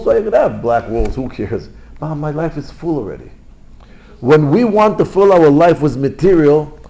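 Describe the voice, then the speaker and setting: A rabbi giving an informal Torah lesson, telling stories in lively, non-native English. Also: male voice, medium pitch, low-quality recording. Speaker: rabbi teaching a class.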